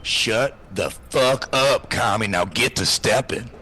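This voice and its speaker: An actor playing a blunt, rude immigration officer who reads out paperwork. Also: male voice, mid-range voice, takes it slowly, pushed and bright, breathy edge, heavily acted. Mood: hostile.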